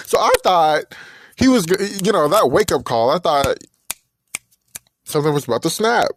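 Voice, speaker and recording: A man's voice: fairly high pitch, sing-song, normal speed, pauses often, slight background noise. A young man hosting a podcast, animatedly recapping a reality TV episode, acting out the people in it and laughing often. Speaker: podcast host.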